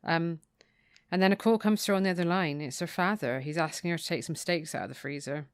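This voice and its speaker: A woman's voice: on the low side, a little fast, clear, resonant tone, no echo. A woman co-hosting a book podcast, recapping the plot and reading passages aloud with dry, mock-dramatic relish. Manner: reads quotes with dry, mock-dramatic relish, laughs often. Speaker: podcast co-host.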